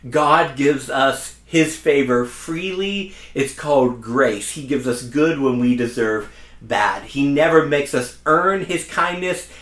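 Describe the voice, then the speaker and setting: A man's voice: medium pitch, slow pace, a bit bright. A young adult man preaching a sermon, earnest and conversational, mixing personal stories with scripture. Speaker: pastor. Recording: echoey room.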